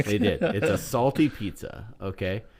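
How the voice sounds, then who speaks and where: Animated man telling a comic bit. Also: lowish voice, moderate pace. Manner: animated storytelling, swearing, acting out scenes. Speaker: podcast co-host. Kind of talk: casual comedic podcast chat.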